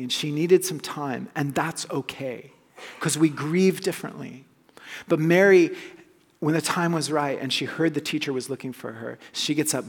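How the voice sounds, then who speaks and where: A man preaching a sermon, earnest and emphatic, dropping soft on key phrases. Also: a little high, breathy edge, long reverb tail. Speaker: pastor.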